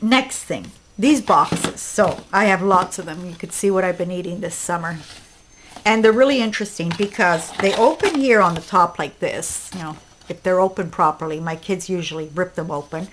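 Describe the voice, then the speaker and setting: A woman's voice: fairly low pitch, normal speed, noisy background. A woman crafting vlogger showing her projects in a casual, rambling talk full of fillers and restarts, short of breath. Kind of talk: casual show-and-tell vlog.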